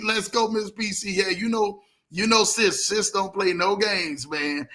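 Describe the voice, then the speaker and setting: A man hosting a casual livestream, animated, greeting viewers by name and telling stories in loose slang. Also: fairly high pitch, moderate pace. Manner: animated, reads out viewer comments, Southern US slang. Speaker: livestream host.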